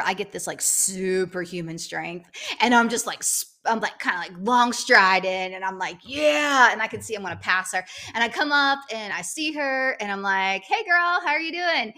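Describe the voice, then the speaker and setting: Telling a story on a podcast she co-hosts, a middle-aged woman chats casually and acts out the quotes with large pitch leaps. Her bright, pushed voice keeps a moderate pace.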